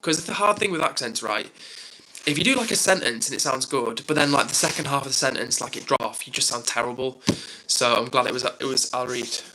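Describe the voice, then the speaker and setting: A man's voice: mid-range voice, fairly quick, sharp tone, slight background noise, low-quality recording. A man from England hosting a casual live stream, rambling upbeat through viewer comments with lots of fillers.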